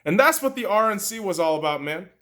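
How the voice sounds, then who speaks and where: A man hosting a podcast, delivering a heated, profane, mocking political rant that swings from loud outbursts to low muttering. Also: lively intonation, fast talker. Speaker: podcast host.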